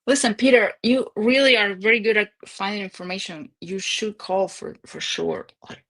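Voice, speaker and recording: A woman's voice: medium pitch, normal speed, fairly bright tone. Woman in her twenties or thirties, casual stream host, rambling chatty delivery, recorded at home. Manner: chatty, rambling, laughs often. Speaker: livestream host. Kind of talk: casual livestream chat.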